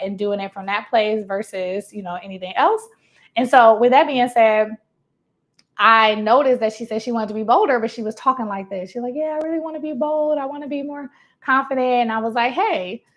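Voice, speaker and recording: A woman in her thirties, a life coach, speaking casually to her viewers. She acts out what her clients say and laughs often. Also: medium pitch. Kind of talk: casual motivational talk to camera.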